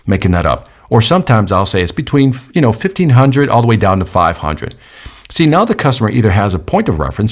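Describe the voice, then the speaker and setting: A middle-aged man giving a sales training talk, emphatic, repeating key points and acting out customer and presenter lines. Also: medium pitch.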